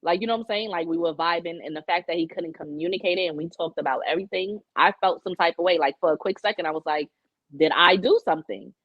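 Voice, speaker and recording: A young adult woman co-hosts a podcast, telling her dating stories candidly and swearing freely in casual chat. Her voice is on the low side and quick, with hardly any pauses. The recording has no echo but a dull lo-fi sound.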